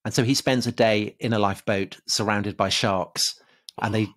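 A man's voice: lowish voice, fairly even intonation, normal speed. Chatty Englishman telling a story. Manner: chatty storyteller, laughs often, many fillers. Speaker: podcast host. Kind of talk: casual history podcast chat.

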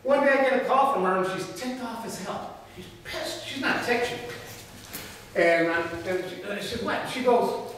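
A middle-aged man lectures a class in a folksy, colloquial manner, his voice pitched fairly high. He sounds far from the microphone, and the room rings with a long, echoing reverb. A faint hiss sits under the recording. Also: moderate pace. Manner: folksy, animated storytelling, colloquial. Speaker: veterinary technology professor. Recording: echoey hall, voice from far off, faint noise.

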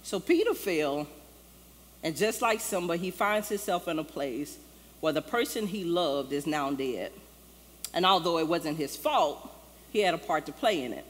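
A very animated woman pastor with a lowish voice preaches at normal speed, keeping her sermon loose and conversational while acting out quoted lines. The sanctuary lends long church-hall reverb and faint background ambience.

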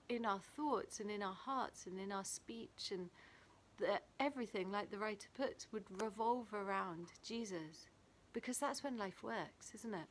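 A woman from England giving a gentle, reflective daily devotional, reading a passage and a prayer and adding her own thoughts. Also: mid-range voice. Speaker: church devotional leader. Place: small garden playhouse. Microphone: camera video.

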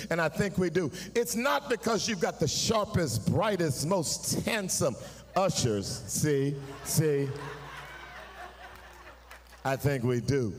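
A man preaching a sermon in a church. His delivery swings from low, confiding talk up to sung, shouted peaks, and he calls on the congregation to answer. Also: slight background noise. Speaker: pastor. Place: church sanctuary. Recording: live in a church hall, long reverb.

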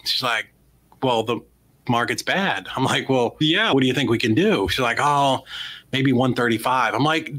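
A man's voice: mid-range voice, moderate pace, poor audio. A man in his forties, a guest in an interview, telling a story and acting out the lines of the people in it. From United States. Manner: animated storyteller acting out quoted dialogue. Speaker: guest, real estate investor.

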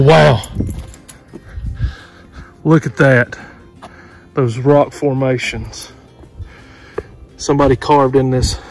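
Excited man filming outdoors. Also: medium pitch. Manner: excited, points things out to viewers. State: out of breath. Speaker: vlogger. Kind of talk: casual hiking vlog narration. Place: outdoors at rocky overlooks. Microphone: handheld camera.

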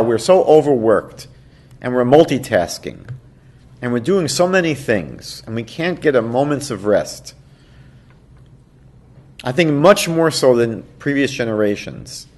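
A man, a rabbi, teaching a class; he tells a story and acts out its people in raised, excited voices, with a soft laugh now and then. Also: medium pitch. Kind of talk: storytelling lecture.

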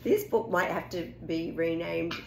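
A woman reading a picture book aloud to a child at home, playful and animated, often gasping and laughing. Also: on the low side, a little slow, creaky. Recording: echoey room, faint background noise.

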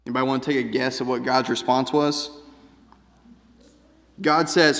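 A man giving a sermon in a relaxed, conversational manner and often tossing in "right?". His voice sits at an ordinary middle pitch. It carries a long echo through a church hall. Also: normal speed, creaky, pauses often. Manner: conversational, keeps asking "right?". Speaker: preacher. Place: church sanctuary.

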